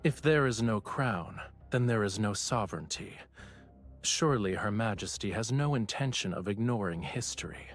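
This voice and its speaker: A man voicing a solemn, formal male court leader in a story game, speaking in measured pronouncements. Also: fairly low pitch, animated, faint music behind. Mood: grave. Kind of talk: game voice acting.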